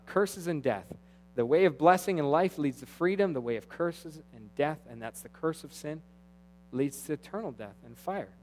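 A man preaching with a voice a little higher than most men's. He is animated, jumping from loud exclamations to quiet asides. He voices the quoted speakers as he goes. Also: a little hiss or hum, rough recording. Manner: acts out quoted dialogue of God and the priests. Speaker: pastor. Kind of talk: sermon.

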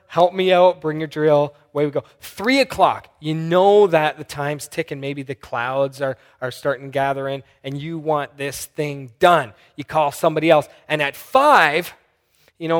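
A male pastor preaches in a big hall, and the long reverb trails after his words. His voice sits a little high as he tells the story with animation and acts out each person in it. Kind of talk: sermon.

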